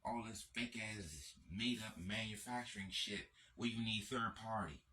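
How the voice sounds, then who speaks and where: A man's voice: on the low side, fairly bright tone, slight background noise. A man giving an emphatic, profanity-laced lecturing monologue with lots of repetition. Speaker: channel host.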